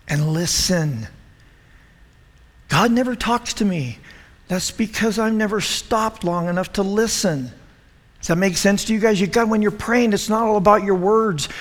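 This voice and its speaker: Youth pastor, man, high voice, animated and joking, preaching in an echoey hall. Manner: animated, joking, asks the room questions. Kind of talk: youth group sermon.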